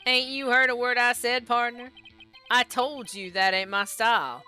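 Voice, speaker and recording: A woman voicing a drawling cowboy-style male police officer with a slow, theatrical Southern drawl. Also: fairly high pitch, sharp tone, clean tone, faint music behind. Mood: laconic.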